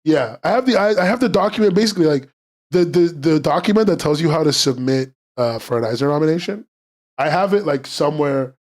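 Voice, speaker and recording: A man hosting a casual live-streamed podcast, rambling and swearing freely, and quickly getting worked up as he reacts to chat. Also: on the high side, expressive, a little mellow.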